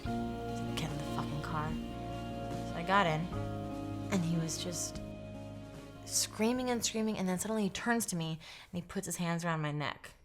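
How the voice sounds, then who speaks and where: Young woman, documentary interviewee, lowish voice, quiet and halting, faint music bed. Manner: halting, quiet, often dropping toward a whisper.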